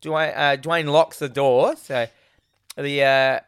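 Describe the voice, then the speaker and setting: A man's voice: mid-range voice, fairly even intonation, slow, smooth, dry recording, studio quality. A man co-hosting a podcast, casually recapping a film scene by scene and rambling as he goes. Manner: rambling, quotes scenes in put-on voices. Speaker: podcast co-host.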